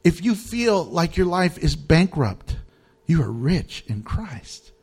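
Man, pastor, sermon, high voice, very lively pitch, chuckling, emphatic. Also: slow, husky. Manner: animated, chuckles often, emphatic repetition.

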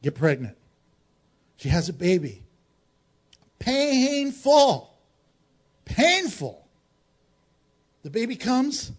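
A man with a fairly high voice preaches a sermon. He shifts between raised exclamations and hushed, low passages. He keeps putting rhetorical questions to his congregation. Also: big pitch swings, normal speed, pauses often, husky. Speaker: pastor.

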